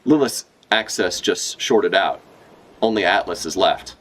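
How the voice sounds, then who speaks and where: A man streaming a casual manga read-along, reacting with profane, excitable asides and rambling commentary. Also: sits low, unhurried.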